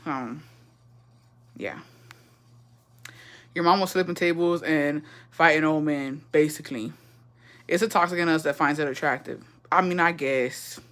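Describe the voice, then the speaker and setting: A young woman from Texas telling family stories in a casual chat, animated and profane, acting out what people said. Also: deep voice, unhurried, pauses often. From Texas, USA. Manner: profane, animated, gossipy, acts out quotes. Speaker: storyteller.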